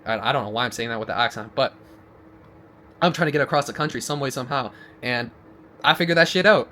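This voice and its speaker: Fast-talking blunt man giving a pep talk. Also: mid-range voice, pushed and bright, slight background noise. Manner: blunt, profane, rambling with restarts. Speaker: vlogger. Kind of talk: motivational monologue to camera.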